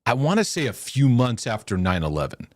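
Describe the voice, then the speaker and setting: Man, casual storyteller, lively pitch, dry close sound, quotes people as he goes. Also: brisk, no echo. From United States. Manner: animated storyteller, repeats words, quotes people. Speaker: podcast host, former pastor.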